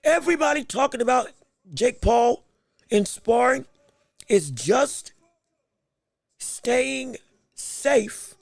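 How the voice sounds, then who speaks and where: Man, podcast host, very high voice, gravelly fry, dry close sound, emphatic live commentary. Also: darkish tone, no room sound. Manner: emphatic, repetitive, joking banter.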